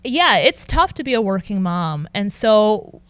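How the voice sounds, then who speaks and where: A young adult woman, a news anchor, chatting as a guest and telling animated stories with frequent laughter. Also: medium pitch, unhurried, smooth, no echo. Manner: animated storyteller, laughs often. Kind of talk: casual interview chat.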